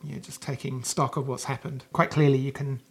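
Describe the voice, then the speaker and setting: A man's voice: medium pitch, little pitch movement, a little fast, creaky, breathy edge. A man narrating a tabletop game as game master, hesitant and full of restarts. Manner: hesitant, many fillers and restarts.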